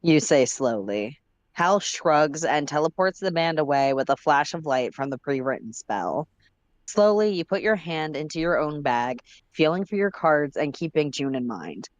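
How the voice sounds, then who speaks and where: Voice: medium pitch, lively intonation, moderate pace, no room sound. A livestream co-host reading a fan story aloud in second person, casually breaking off to laugh and chat. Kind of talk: casual read-aloud narration with chatty asides.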